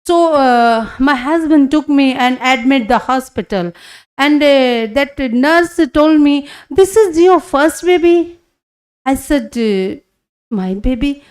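A woman, giving a personal testimony at a church conference in halting, broken full of hesitations. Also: sits high.

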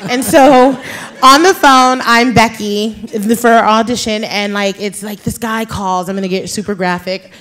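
A woman in her thirties tells a story at a live author event, chatty and quick to laugh. She is from New York and speaks casually, dropping lots of fillers as she goes. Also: fairly high pitch, steady tone, a bit bright. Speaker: author guest. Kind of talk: storytelling conversation on stage.

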